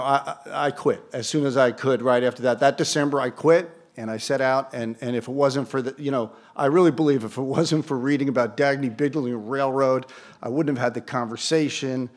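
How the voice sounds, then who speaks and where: A man's voice: medium pitch, steady tone, a little fast. A man in his sixties gives a speech to an audience at an event. He tells an anecdote with dry, self-deprecating asides. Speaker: award ceremony speaker. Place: event hall before an audience.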